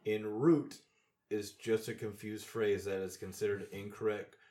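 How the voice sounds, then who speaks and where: A man's voice: fairly low pitch, steady tone, measured pace, dark tone. A man co-hosting a podcast, reading search results aloud and teasing his friends. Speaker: podcast co-host. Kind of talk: casual podcast banter.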